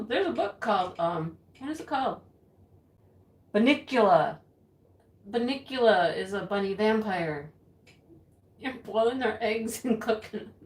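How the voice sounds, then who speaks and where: An actress playing a rambling, easily flustered woman who hosts a home craft livestream and giggles often. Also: medium pitch. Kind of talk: sketch comedy character acting. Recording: roomy echo.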